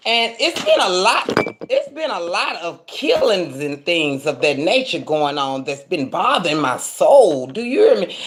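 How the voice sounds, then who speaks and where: A woman from Texas, talking to camera as a self-styled judge and repeating "do you hear me?". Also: medium pitch. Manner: animated, repeats "do you hear me?", mock courtroom sentencing. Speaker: vlogger playing a judge. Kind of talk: casual monologue to camera.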